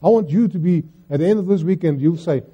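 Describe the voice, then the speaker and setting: A middle-aged man with a South African accent preaching a sermon, slipping Afrikaans phrases into his English and swinging between loud scripture reading and hushed pleading. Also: fairly high pitch, fast talker, husky, highs cut off. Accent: South African English, Afrikaans-inflected.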